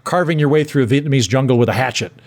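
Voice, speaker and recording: A man's voice: medium pitch, racing. Rambling comic podcast host, man. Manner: rambling comic storytelling with many restarts. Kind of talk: casual chat.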